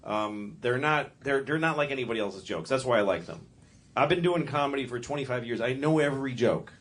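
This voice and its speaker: A man's voice: medium pitch, a little fast, fairly bright tone. A middle-aged man doing a stand-up routine on a comedy club stage, rambling and stopping to restart his thoughts, breaking into voices for the animals in his jokes. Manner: rambling, self-interrupting, acts out animal voices. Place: comedy club stage before a laughing audience. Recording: live stage recording with crowd noise.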